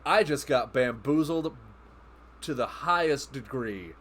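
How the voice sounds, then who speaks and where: A man streaming a card game live, thinking aloud about his plays, excitable and self-mocking. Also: medium pitch, takes it slowly.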